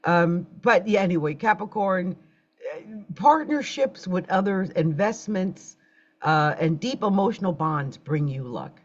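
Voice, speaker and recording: A woman's voice: on the low side, expressive, unhurried. A woman hosting a casual astrology livestream, chatting straight to her viewers. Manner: chatty, talks straight to viewers, gets flustered by tech trouble. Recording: dull lo-fi livestream audio.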